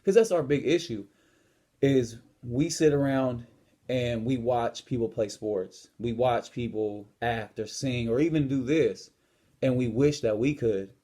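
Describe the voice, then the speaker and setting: A young man of ordinary pitch hosts his own lifestyle coaching show. He tells the story in a casual, unscripted way, loose and profane. When he reenacts a standoff, his voice jumps up hard and loud. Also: measured pace. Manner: blunt and profane, acting out confrontations with sudden loud bursts. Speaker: podcast host, lifestyle and health coach.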